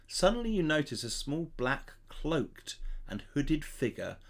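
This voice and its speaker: Lively man reading a gamebook aloud. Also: fairly high pitch, unhurried, creaky. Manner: lively reading with casual asides to chat. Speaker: gamebook player and channel host.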